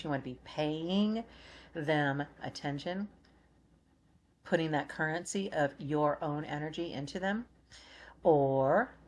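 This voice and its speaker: A woman's voice: deep voice, darkish tone. A middle-aged woman giving a spiritual oracle card reading in a soothing, reflective way, often repeating her phrases.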